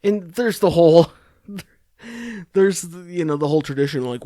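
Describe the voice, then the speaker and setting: Rambling, sarcastic podcast host. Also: male voice, a little high, lively intonation, measured pace, long pauses, mellow, dry recording, studio quality. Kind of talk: casual political commentary.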